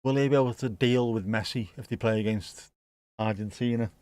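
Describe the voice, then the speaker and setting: A man's medium-pitched, darkish voice, a little fast and recorded dry, rambles through a live football watch-along. He jokes and swears freely as he gives casual commentary on the match.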